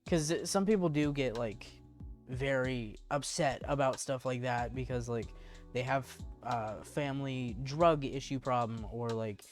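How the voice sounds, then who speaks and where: Slow, rambling casual male co-host. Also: medium pitch, soft background music. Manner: rambling, filler-heavy and laughing often. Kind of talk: casual chat.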